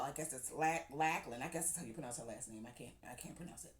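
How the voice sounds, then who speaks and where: A woman talking casually about books she has read, chatty and quick to giggle, calling her listeners "honey.". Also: a bass voice. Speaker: book reviewer. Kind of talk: casual chat. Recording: roomy echo.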